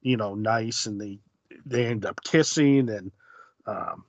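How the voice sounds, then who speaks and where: A man casually discussing a comic on a podcast. He speaks in a measured way, and his voice trails off softly at the ends of his thoughts. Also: on the low side, no room sound. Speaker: podcast co-host. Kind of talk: casual chat recapping a comic.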